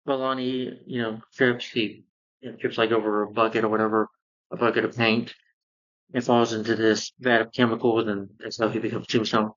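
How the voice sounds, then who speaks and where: Male reviewer, lowish voice, rambling casual recap with constant fillers, dull lo-fi home recording. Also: little pitch movement, normal speed, fairly bright tone. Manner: rambling recap full of "you know" fillers. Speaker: cartoon reviewer.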